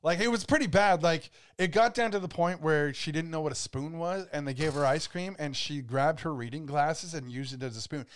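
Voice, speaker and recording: A man co-hosting a podcast, telling a personal story in casual chat, halting and repeating words, swearing now and then. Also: on the high side, smooth, no room sound. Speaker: podcast co-host.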